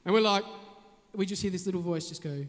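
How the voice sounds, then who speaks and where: High-voiced pastor in a reverberant hall. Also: male voice, fast, noisy background. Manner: storytelling, animated, shouts names. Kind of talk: sermon.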